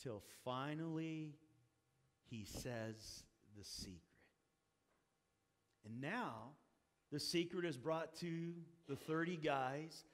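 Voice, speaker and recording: Male preacher, high-pitched, lively storyteller in sermon mode, long hall echo. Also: slow pace, long pauses. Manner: storytelling, acts out quoted characters, wry asides.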